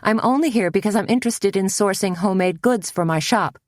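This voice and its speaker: A woman's voice: medium pitch, a little fast, darkish tone, dry recording, studio quality, pitched above the performer's own voice, close to an everyday voice. A woman voicing a kind, determined café owner who speaks steadily and reassuringly in a storybook reading.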